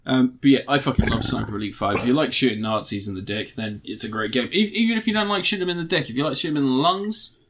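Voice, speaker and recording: A man's voice: medium pitch, animated, quick pace, hardly any pauses, fairly bright tone, slight background noise. A young man co-hosting a podcast, chatting about video games, swearing freely and laughing often. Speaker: podcast co-host. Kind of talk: casual chat.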